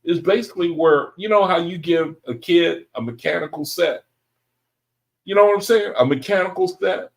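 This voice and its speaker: A man leading a Bible study group, reading scripture aloud and commenting on it in an excitable way, often laughing and calling the group brethren. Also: fairly high pitch, moderate pace, creaky, poor audio.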